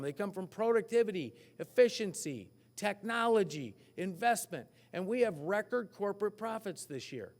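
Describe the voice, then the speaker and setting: High-voiced, animated male economist. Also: in a large hall. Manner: animated, asks the crowd questions, self-mocking. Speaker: economist giving a keynote. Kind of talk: lively forecast speech to an audience.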